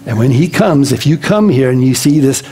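A pastor giving a casual, chatty sermon, telling personal stories in an animated way and laughing along the way. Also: male voice, medium pitch, moderate pace, breathy edge, rough recording.

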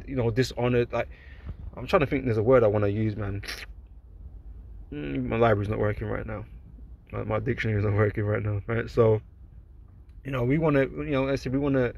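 A man giving an informal sermon, talking loosely with lots of filler words, reading scripture slowly and deliberately, and getting animated when he is excited. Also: medium pitch, gravelly, slight background noise. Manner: loose and conversational, peppered with "man" and "you know". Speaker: religious teacher.

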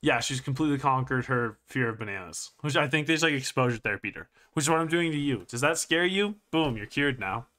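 A young man hosting a joking comedic commentary video, playful and jokey, often jumping into high squealing exclamations. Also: animated, fast talker, hardly any pauses, bright, forceful tone. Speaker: streamer and video host.

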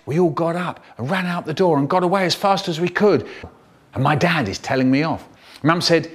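An older man telling a comic childhood story in a theatrical, animated way, with sudden high shouts. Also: normal speed, slightly rough. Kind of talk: storytelling monologue, spliced parody edit.

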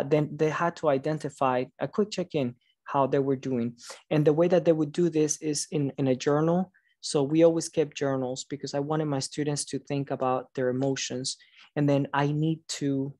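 A man's voice: a little high, a little mellow, no room sound, studio quality. A man presenting at a conference over a video call late at night. He sounds tired, encourages the audience, and stumbles and restarts words now and then. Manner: encouraging, reads out audience answers with praise. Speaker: conference presenter, teacher educator.

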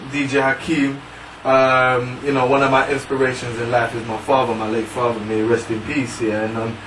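Young male guest, halting and filler-heavy, mid-pitched, distant mic with faint hiss. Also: monotone, echoey room. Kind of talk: casual discussion.

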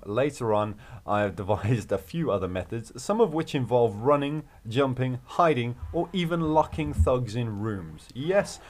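A man's voice: mid-range voice, a little mellow, a little hiss or hum. A man hosting a video game walkthrough, talking through his play in an upbeat, chatty, jokey way. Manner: upbeat, chatty and jokey, with playful rhymes and laughs. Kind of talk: casual gameplay commentary.

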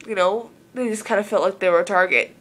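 A woman's voice: mid-range voice, quick pace, a bit bright. A woman from Southern Oregon talking casually to camera in an earnest, rambling way, full of filler words. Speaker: vlogger.

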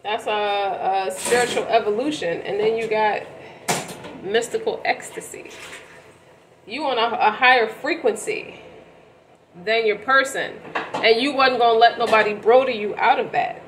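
A woman's voice: fairly high pitch, a little slow, noisy background. A woman giving a casual tarot reading to camera, rambling and slangy, often stopping to correct herself. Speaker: tarot reader.

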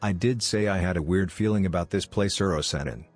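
A man's voice: low-pitched, brisk, soft background music. A man reading as a cocky, teasing boy ninja.

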